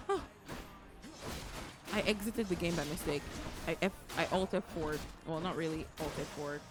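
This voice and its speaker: Game music sounds behind a woman streaming a video game, her chat emotional and full of repeated pleas as she plays. She has a deep voice, speaks at normal speed and leaves long pauses.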